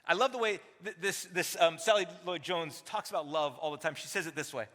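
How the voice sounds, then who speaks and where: A man's voice: fairly high pitch, a little fast, hardly any pauses, fairly bright tone. A man in his forties preaching a sermon as a teaching pastor, emphatic and conversational, tossing rhetorical questions to the congregation. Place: large church sanctuary. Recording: long hall reverb.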